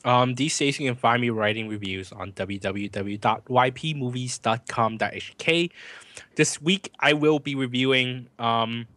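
A man of middling pitch holds forth in relaxed podcast chat, opinionated and quick to rant. The recording is dry and close, with no room sound. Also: no room sound. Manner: opinionated ranting, animated. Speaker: podcast co-host and film reviewer.

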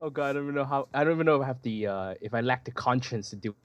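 A man co-hosting a film podcast, speaking in a halting, self-deprecating way. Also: medium pitch, dry recording. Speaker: podcast co-host. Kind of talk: casual podcast chat.

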